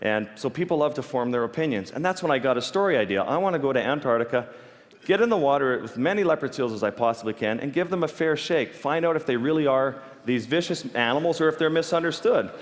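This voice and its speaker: A man telling stories on stage in an animated way, with halting restarts and quick laughs. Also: mid-range voice. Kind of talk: storytelling talk on stage. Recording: long reverb of a large hall.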